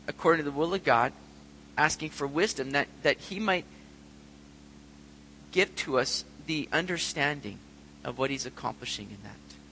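Earnest man preaching with a bright voice. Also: on the high side, long reverb tail, a little hiss or hum, rough recording. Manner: earnest, acts out quoted prayers and voices. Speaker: pastor. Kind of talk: sermon.

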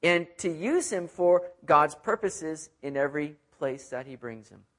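A man's voice: a little high, expressive, unhurried, a bit bright. A male pastor preaching a verse-by-verse sermon in a conversational way, often adding asides and repeating words for emphasis. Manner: emphatic, repeats words when stressing a point. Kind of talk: expository sermon.

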